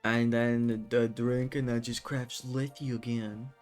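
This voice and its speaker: A man's voice: mid-range voice, flat delivery, unhurried, darkish tone, soft background music. A man streaming a game, talking to himself in a grumbling, frustrated way. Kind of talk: casual gameplay commentary.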